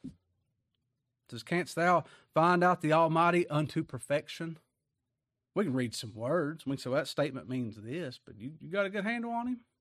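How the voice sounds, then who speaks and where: Man, preacher, conversational sermon, fairly high voice, dry sound. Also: expressive, moderate pace, fairly bright tone, dry recording. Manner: conversational preaching with rhetorical questions.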